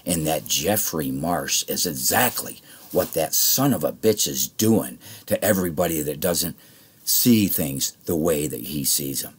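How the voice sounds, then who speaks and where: A man's voice: a bass voice, lively intonation, unhurried, slight background noise. A man telling a rambling, heated story in casual speech, swearing freely. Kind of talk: casual spoken anecdote.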